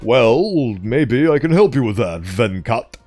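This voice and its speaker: Man voicing a calm, gentle psychologist. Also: medium pitch, slow, faint music behind, voice pushed down. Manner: gentle, soothing questioning. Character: calm, patient male clinical psychologist.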